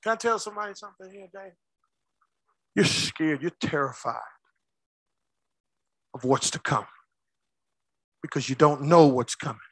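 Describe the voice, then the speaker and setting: Man, preacher, sermon, very animated pitch, shouts and hushes, calls to the congregation. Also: moderate pace, long pauses, slightly rough, dry recording.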